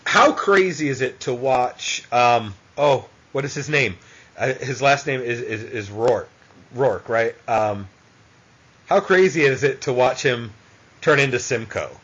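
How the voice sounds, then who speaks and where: Podcast host, male, enthusiastic, rambling, husky voice on muffled lo-fi audio. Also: medium pitch, lively intonation, a little slow, a bit bright. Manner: enthusiastic fan, rambling anecdotes. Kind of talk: casual interview chat.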